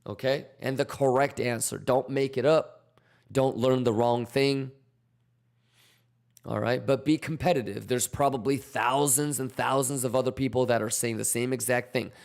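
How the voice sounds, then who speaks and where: A livestream host, a man, reads viewers' questions aloud and answers them as a coach. His voice has a gravelly, fry-edged texture at a middle pitch. His delivery is loose and slangy, full of fillers. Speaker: crypto trading livestream host. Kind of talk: livestream chat reading and market commentary.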